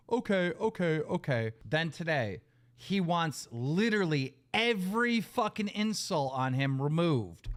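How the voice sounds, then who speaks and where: Furious, high-pitched man ranting. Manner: profane, heated, yelling at an absent cohost. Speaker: podcast host. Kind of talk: angry ranting on a live podcast.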